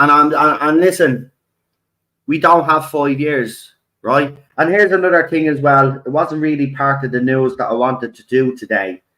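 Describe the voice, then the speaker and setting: Poor audio captures a medium-pitched, somewhat bright male voice. He's an Irish channel host cursing heavily through an angry rant to camera, repeatedly ending lines with "right?"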